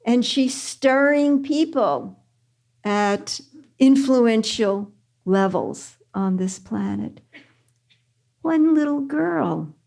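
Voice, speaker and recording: Slow, earnest older woman spiritual teacher. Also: medium pitch. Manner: gentle, earnest storytelling with repeated phrases for emphasis. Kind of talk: spiritual Q&A talk with storytelling.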